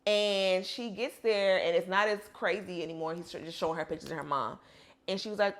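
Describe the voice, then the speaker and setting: A woman's voice: medium pitch, brisk. Gossiping woman podcast co-host. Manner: gossipy retelling, acting out quotes. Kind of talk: casual chat.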